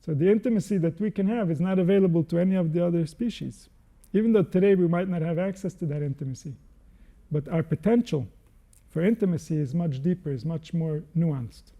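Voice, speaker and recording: A Jewish spiritual teacher gives an unscripted teaching, explaining slowly in a measured, reflective way with pauses and Hebrew terms. His voice is high, gravelly and dark in tone.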